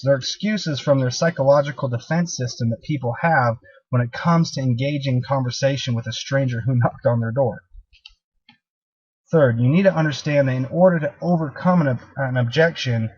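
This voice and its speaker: A man's voice: medium pitch, darkish tone, breathy edge, no room sound, lo-fi sound. A man giving a recorded sales training talk in an emphatic, direct coaching manner.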